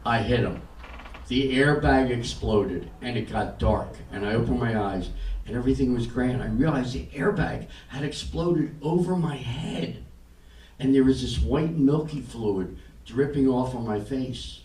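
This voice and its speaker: Doing stand-up on a comedy club stage, an older man delivers deadpan stories with acted-out quotes at a measured pace in a mid-range voice. The recording is distant and roomy, picking up audience laughter and room noise.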